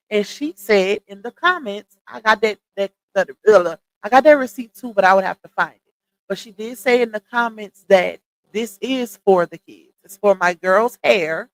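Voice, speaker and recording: A woman's voice: mid-range voice, normal speed, dry recording, low-quality recording. A woman hosting a late-night livestream, chatting casually and addressing viewers directly as she gossips. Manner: chatty, talks straight to viewers with "y'all" and "child". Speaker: livestream host.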